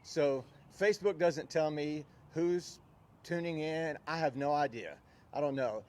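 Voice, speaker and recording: A man leading a live outdoor workout class, counting reps loudly in a drill-style voice and chatting between sets, on a visor mic with a windscreen on a windy day. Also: fairly high pitch, measured pace. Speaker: fitness instructor. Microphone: visor-mounted mic with fuzzy windscreen.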